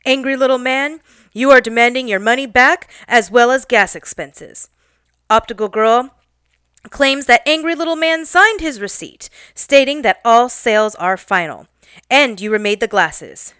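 A woman voicing a stern judge who delivers formal, measured rulings. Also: a little high, a bit bright, clear, resonant tone, no echo, clean studio sound. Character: stern no-nonsense courtroom judge.

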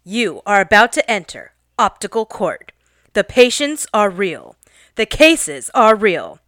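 Lady as a bailiff calling the court to order, formal, lively voice. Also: mid-range voice, unhurried, dry recording, clean studio sound. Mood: announcing. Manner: formal announcing.

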